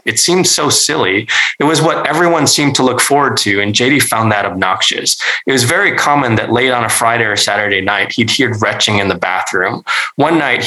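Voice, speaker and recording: A man reading a literary story aloud in a measured, even way, now and then correcting a word. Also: medium pitch, poor audio. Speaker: narrator.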